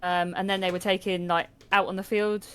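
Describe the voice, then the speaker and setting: A woman's voice: medium pitch, little pitch movement, a little fast, smooth. A British woman co-hosting a casual podcast, chatting and telling stories with plenty of laughter. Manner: chatty storyteller, laughs a lot. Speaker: podcast co-host. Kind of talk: casual chat.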